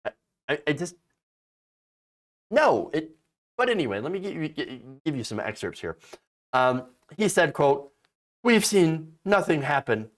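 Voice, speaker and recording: A man's voice: fairly high pitch, big pitch swings, measured pace, pauses often. A man hosting casual political commentary, sarcastic and mocking, often restarting and stammering mid-sentence.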